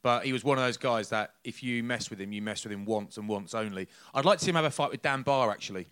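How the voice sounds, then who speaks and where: A man from England in casual chat, telling quick anecdotes with dry humour. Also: mid-range voice, fairly bright tone, clear, resonant tone.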